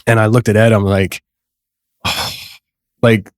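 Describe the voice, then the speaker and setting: A podcast host with a lowish, fairly flat voice tells a story slowly and loosely, rambling, restarting often and laughing frequently. It's casual conversation in a dry, clean studio recording.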